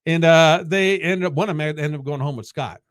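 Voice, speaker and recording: A man in his fifties, a podcast guest, telling casual stories in a halting way that repeats words. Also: a little high, smooth, no echo, clean studio sound. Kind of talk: casual storytelling.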